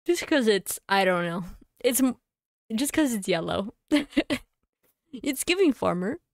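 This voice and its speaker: A woman streamer chatting casually to herself and her audience while playing a game, thinking aloud with quick asides. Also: fairly high pitch, expressive, creaky, no echo, clean studio sound.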